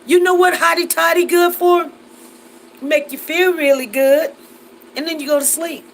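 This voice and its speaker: Chatty, high-voiced woman host. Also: steady tone, moderate pace, creaky, slight background noise, poor audio. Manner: chatty and laughing, with Southern Black American vernacular. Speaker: live stream host reading viewer comments. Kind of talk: casual live chat.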